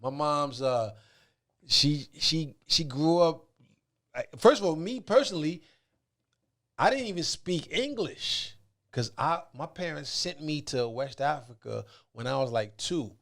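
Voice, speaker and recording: A man, a guest in a casual podcast chat, telling stories in a loose, slangy, animated way. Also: fairly high pitch, measured pace, vocal fry. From the Bronx, New York. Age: 40s.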